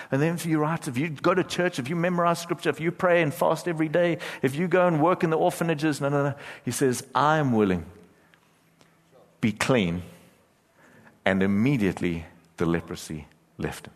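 A man preaching a sermon as pastor, talking earnestly, growing intense and later dropping to a hushed prayer. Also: a little high, brisk. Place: church hall. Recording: church hall reverb.

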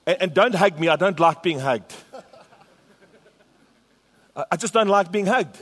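A man's voice: high voice, animated, unhurried, fairly bright tone. A man pastor preaching a sermon to his church, emphatic and repetitive. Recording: long hall reverb.

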